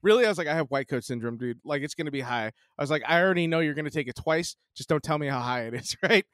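A man's voice: on the high side, lively intonation, fast, fairly bright tone, dry recording. A man in his forties and a podcast co-host, chatting casually, telling a profane story and acting out the voices of the people in it. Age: 40s. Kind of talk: casual chat.

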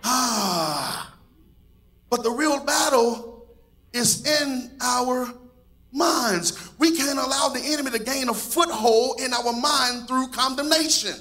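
A man preaching a sermon as pastor, with a singsong cadence that rises to shouts. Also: extremely high pitch, slow.

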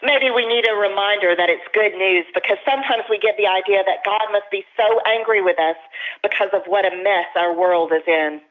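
An earnest pastor preaches a sermon at an even middle pitch, slowing down to lean on the phrases that matter. The voice comes through narrow and tinny, like a telephone line. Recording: tinny phone-line sound.

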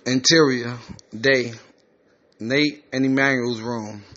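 A man's voice: mid-range voice, fairly even intonation, slow pace, sharp tone. Man reading stage directions, muffled. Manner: plain, matter-of-fact stage directions. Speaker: script reader. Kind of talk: reading a screenplay aloud.

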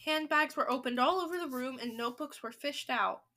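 A woman reads a storybook aloud for her podcast, stopping often for playful commentary. Her voice is high and bright, with a chatty, casual feel. The asides come quick and joking. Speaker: podcast host reading a book aloud.

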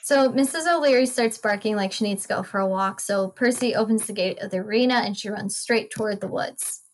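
A woman's voice: medium pitch, fairly quick, poor audio. A woman casually retelling a book's plot in long run-on sentences and laughing often. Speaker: podcast co-host. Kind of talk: casual book recap chat.

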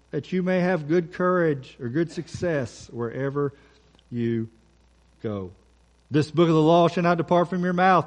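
A man preaching a sermon as pastor, emphatic, repeating key phrases and slowing down for scripture. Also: a little high.

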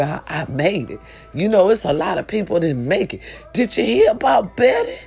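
With a deep, slightly mellow voice, a woman speaks earnestly and casually to her viewers in a motivational vlog. She tends to preach and keeps asking "you understand me?" to make sure they're following.

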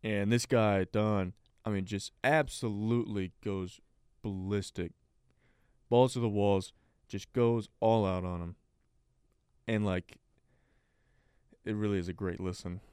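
A man's voice: lowish voice, fairly even intonation, measured pace, pauses often, darkish tone, clean tone, no echo, clean studio sound. A man co-hosting a sports podcast in casual chat, rambling with lots of fillers. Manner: rambling, filler-heavy, laughs easily. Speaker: podcast co-host.

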